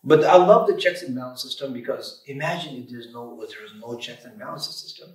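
A man's voice: medium pitch, lively intonation, brisk. A man who runs an auto repair shop talks about his business on a podcast interview. He speaks emphatically and with animation, often saying "you know" and "literally". He is heard from a distant mic in a room with a lot of echo. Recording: roomy sound from a distant mic.

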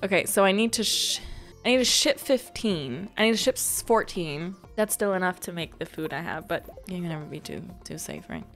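A woman's voice: lowish voice, very animated, fairly quick, a bit bright, soft background music. A young woman chatting casually over a farming game she is playing, rambling and heartfelt as she talks to her viewers. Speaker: gaming video host. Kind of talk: casual gameplay commentary.

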